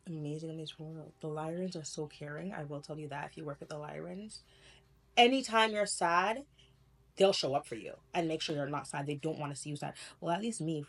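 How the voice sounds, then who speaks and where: Woman vlogger, young adult, low-ish voice, rambling and animated, laughs a lot while telling her story. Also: a little fast. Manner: rambling, animated, laughs often, self-correcting. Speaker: spiritual vlogger. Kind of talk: casual storytelling to camera.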